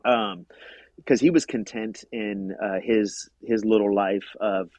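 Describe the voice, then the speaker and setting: An American man joins a podcast as a guest and explains his points haltingly, often restarting his sentences. The recording sounds dry and close. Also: on the low side, a little mellow, dry recording, poor audio. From United States. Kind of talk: casual chat.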